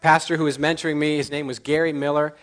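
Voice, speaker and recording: A man preaching a sermon, telling personal stories with animated acted-out dialogue and laughing at his own jokes. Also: fairly high pitch, fast talker. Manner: animated, acts out dialogue in lively voices. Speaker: pastor. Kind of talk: storytelling sermon.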